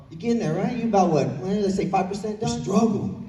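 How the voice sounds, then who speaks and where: A young man with a drawl preaches with earnest repetition and asks his congregation questions. His voice sits unusually high for a man. It rings through a big church hall, picked up from well back in the room. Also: sing-song, brisk, warm tone. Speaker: pastor. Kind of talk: sermon. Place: church sanctuary. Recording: echoey church hall from far off.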